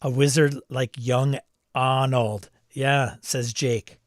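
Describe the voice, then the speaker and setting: A man hosting a live stream chats casually, laughing often as he reads viewers' comments out loud. His medium-pitched voice holds a steady tone at a measured pace, recorded in studio quality with no room sound.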